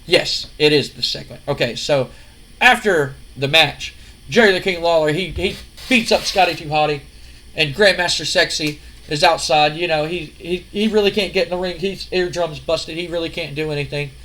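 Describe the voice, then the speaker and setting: Man, game narration, casual, rambling, slightly high voice. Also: normal speed, bright, forceful tone, a little hiss or hum. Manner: retelling story, many fillers. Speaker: game streamer. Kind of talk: casual let's-play narration.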